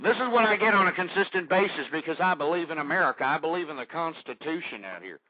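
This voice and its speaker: A man hosting a call-in radio show, delivering a profane, blustering rant that swings into yelling. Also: fairly high pitch, lively intonation, quick pace, hardly any pauses, no room sound. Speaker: radio talk show host. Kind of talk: ranting call-in radio monologue. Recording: muffled lo-fi internet radio.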